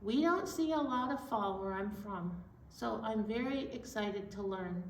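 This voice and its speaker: A woman voicing a polite, excited giraffe puppet in a high, gentle, formal voice. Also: a little slow, slight background noise. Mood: delighted. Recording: echoey room from far off.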